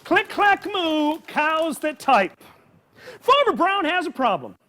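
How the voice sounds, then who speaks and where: A man hosting a live children's story time, talking with animated energy and calling out questions for the kids to answer. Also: very high voice, takes it slowly. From Midwest farm upbringing. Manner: animated, call-and-response with children. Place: public library event with a live audience.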